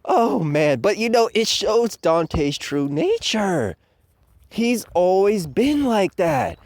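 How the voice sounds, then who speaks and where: Profane, ranting man with a lively voice. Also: high-pitched, slow, no echo, studio quality. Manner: profane, ranting, full of fillers. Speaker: commentator. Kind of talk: ranting review commentary.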